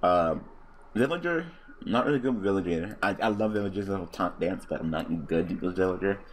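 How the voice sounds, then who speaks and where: A man giving casual let's-play commentary, cursing freely and breaking into loud, excited outbursts and laughter. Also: deep voice, quick pace, a little hiss or hum. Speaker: gaming commentator.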